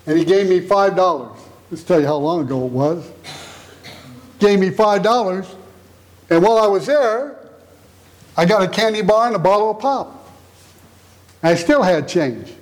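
A man's voice: high-pitched, lively intonation, normal speed, long pauses. A middle-aged man preaching a sermon, emphatic and fond of repeated rhetorical questions.

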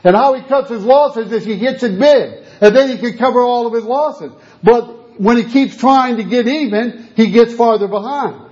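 A man's voice: very high voice, moderate pace, hardly any pauses, a little mellow. A man preaching a sermon, telling a story and acting out the voices of the people in it. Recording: dull lo-fi sound.

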